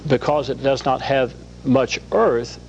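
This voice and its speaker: A man from Louisiana, a guest preacher, teaching on scripture in an animated, sermon-like way and acting out the dialogue of the stories he tells. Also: mid-range voice, slow pace, gravelly, highs cut off, slight background noise.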